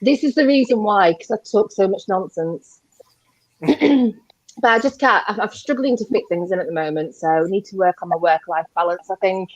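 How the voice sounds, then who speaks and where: A woman, a guest on a casual video call, chatty and self-mocking, slightly tipsy and quick to laugh. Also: mid-range voice, no echo, muffled recording. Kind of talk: casual live-stream chat.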